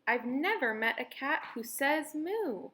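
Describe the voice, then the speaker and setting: A woman's voice: high-pitched, lively intonation, takes it slowly, sharp tone, pitched above the performer's own voice, full character voice. A woman putting on a chirpy little bird. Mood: surprised. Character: chirpy small bird, surprised and teasing.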